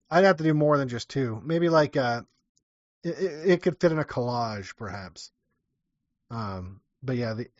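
Offhand man with a slightly high voice. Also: fairly bright tone, dry recording. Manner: offhand and rambling. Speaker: livestream host. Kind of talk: casual livestream chat, reading viewer donations. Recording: dull lo-fi dry sound.

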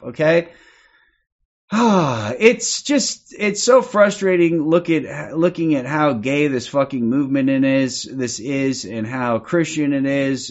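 An agitated man rants through a livestream, cursing and repeating himself as he piles up complaints. He keeps stopping to demand "okay?" from his listeners. His voice sits at a middling male pitch, and the stream audio is dull and lo-fi. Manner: agitated, profane, repetitive, punctuates with "okay?". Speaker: livestream host. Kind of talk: ranting livestream commentary.

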